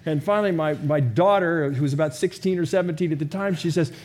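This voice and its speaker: A middle-aged male pastor with a notably high voice delivers his sermon like a chat with the congregation. He asks question after question and jokes at his own expense. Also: fast talker, a little mellow. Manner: conversational, self-deprecating humor, rhetorical questions.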